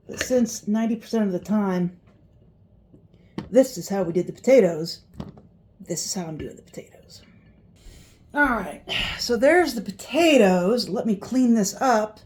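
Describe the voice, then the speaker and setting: A woman's voice: mid-range voice, darkish tone, a little hiss or hum. A middle-aged woman chatting in a folksy way as she cooks in her home kitchen, with reminiscing asides. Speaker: home cooking vlogger. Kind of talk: casual cooking vlog.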